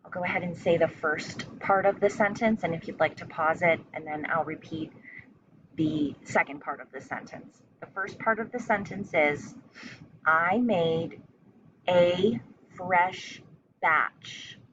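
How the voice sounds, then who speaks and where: A woman teacher slowly dictating a spelling test, repeating each word and sentence with care. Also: low-pitched, far from the mic, muffled recording, noisy background. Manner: slow, careful dictation with repeated words.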